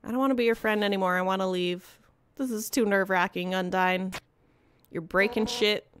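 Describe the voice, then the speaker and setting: A woman's voice: mid-range voice, steady tone, fairly quick, a little hiss or hum. A woman streamer giving casual gameplay commentary, with nervous, wry asides and swearing.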